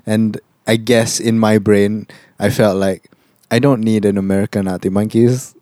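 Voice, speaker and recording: A young man with a Malaysian English accent, co-hosting a podcast in relaxed, rambling casual chat that slips into Malay words. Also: lowish voice, normal speed, dry recording, studio quality. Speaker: podcast co-host.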